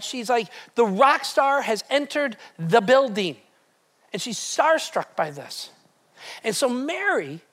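A male pastor delivering a sermon to a live congregation, retelling scripture in a lively, conversational way with frequent restarts. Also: very high voice. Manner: animated, conversational storytelling with many restarts. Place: church hall with live congregation.

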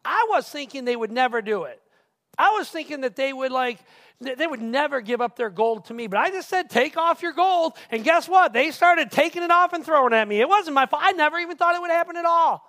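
A man's voice: extremely high pitch, expressive, a little fast, full character voice. A preacher voicing a whiny grown man who excuses himself and shifts the blame, pleading and defensive. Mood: whining. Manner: pleading, defensive, rising and loud. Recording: reverberant hall.

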